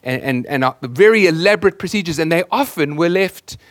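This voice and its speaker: A man's voice: on the high side, animated, brisk, dry recording, clean studio sound. A man preaching a sermon as the pastor, earnest and emphatic, often repeating words as he searches for the next phrase.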